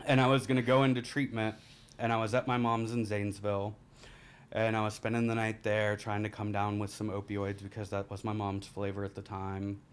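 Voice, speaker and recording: A man, a podcast guest telling a rambling, candid story and laughing through the dark parts. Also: lowish voice, flat delivery, a little fast, a little hiss or hum. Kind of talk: casual storytelling.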